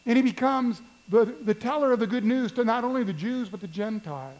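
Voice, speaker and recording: A man's voice: extremely high pitch, fairly quick, darkish tone, rough recording. A man preaching a sermon, telling a story in a conversational way and asking the congregation questions. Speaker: pastor.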